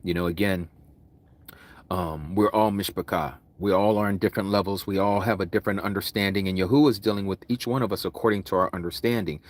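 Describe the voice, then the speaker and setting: A man preaching a Bible study sermon, loud and vigorous, with mounting intensity. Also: low voice, steady tone, quick pace. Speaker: Hebrew Roots Bible teacher. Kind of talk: impassioned livestream sermon.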